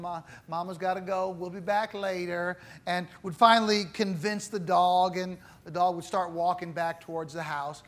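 A man preaching a sermon with dramatic swings between loud emphasis and hushed low phrases.

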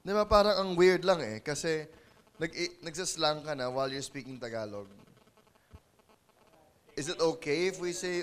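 A man's voice: on the high side, normal speed, pauses often, a bit bright. A man with a Filipino accent asking a question in class, switching between Tagalog and English. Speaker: student.

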